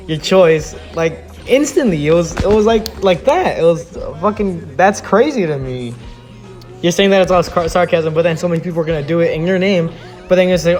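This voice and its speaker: A man giving an exasperated ranting commentary on viewer comments, swearing often and restarting his sentences. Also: on the high side. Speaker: YouTube commentator.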